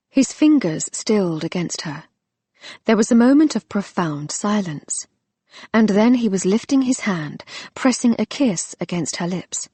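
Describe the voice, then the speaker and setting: Husky-voiced woman narrating an audiobook. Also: mid-range voice, expressive, unhurried, warm tone, no room sound. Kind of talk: scripted narration.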